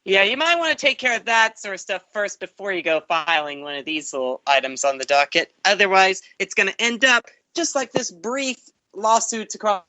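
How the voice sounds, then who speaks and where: A man co-hosts an online news show as its entertainment reporter, calling in over the internet, reading news copy and then adding wry jokes about it. His high voice moves at normal speed with few pauses, pushed and bright, and there's no echo.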